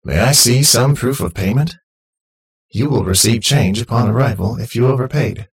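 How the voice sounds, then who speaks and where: A man's voice: medium pitch, moderate pace, breathy edge, voice pushed up. A man voicing the cheerful automated voice of a driverless taxi, polite and upbeat. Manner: bright, overly polite service tone.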